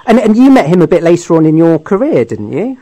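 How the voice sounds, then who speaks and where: A man's voice: a little high, big pitch swings, quick pace, dark tone, no echo. A man hosting an interview, asking questions and reacting eagerly with short exclamations. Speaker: host. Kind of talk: casual interview chat.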